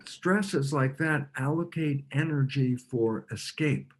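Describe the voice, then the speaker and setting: Husky older man explaining animatedly. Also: medium pitch, measured pace, hardly any pauses. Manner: acts out dialogues with himself, laughing asides. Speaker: guest biologist. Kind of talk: animated explanatory interview talk.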